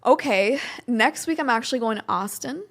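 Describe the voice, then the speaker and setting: A woman's voice: fairly high pitch, lively intonation, normal speed, creaky, fairly bright tone. A young woman, a podcast guest, telling a story in a casual interview, acting out quotes and using many "like" fillers.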